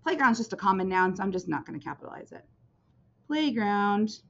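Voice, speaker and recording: Animated woman teaching young children. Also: medium pitch, fairly quick. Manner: animated, sing-song teacher voice with frequent "right?" and "okay?" checks. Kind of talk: recorded classroom lesson for young children. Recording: dull lo-fi recording.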